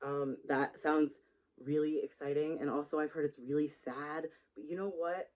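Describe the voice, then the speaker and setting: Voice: medium pitch, steady tone, normal speed, a little mellow, rough recording. A rambling, chatty book vlogger talking casually to camera. They wander between thoughts and laugh at their own jokes. The sound comes from a built-in camera mic.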